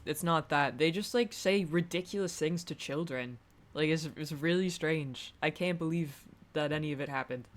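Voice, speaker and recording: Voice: medium pitch, normal speed. Playful streamer joking through a game. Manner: playful, joking, laughs often. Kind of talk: live-streamed game commentary, reading dialogue aloud.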